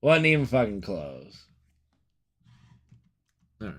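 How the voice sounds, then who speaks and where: A man streaming a game, chatting casually with his chat, swearing freely and breaking into loud outbursts and laughter. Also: fairly low pitch, sing-song, takes it slowly.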